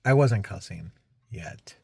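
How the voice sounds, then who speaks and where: A man's voice: deep voice, expressive, slow, vocal fry, slightly rough, no echo, studio quality. A man talking casually to camera in a rambling vlog, recounting a frustrating week with many restarts and asides. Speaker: vlogger.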